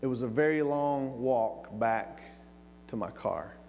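A preacher voicing a young executive humbled into quiet reflection, speaking low and slow in a sermon story. The long reverb of a large hall trails behind every word. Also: male voice, gravelly, slight background noise. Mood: solemn.

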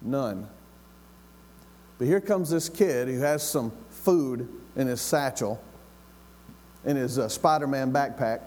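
A man, a pastor preaching a sermon as a dramatic, animated story with calls to the congregation. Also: medium pitch, takes it slowly, long pauses, in a large hall.

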